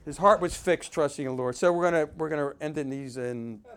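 A man's voice: fairly high pitch, brisk, clean tone. A man giving informal Bible teaching, talking conversationally and reading verses aloud with emphasis. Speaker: preacher.

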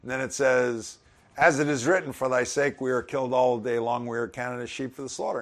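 A man's voice: mid-range voice, steady tone, a little fast, fairly bright tone. A middle-aged man giving an informal sermon, conversational with chuckling asides. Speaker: pastor.

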